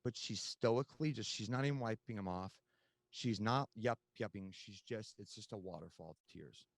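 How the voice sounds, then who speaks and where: Deep-voiced man recounting his past candidly. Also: normal speed, creaky, no room sound. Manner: candid, conversational storytelling with many fillers. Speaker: podcast guest. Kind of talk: personal recovery story.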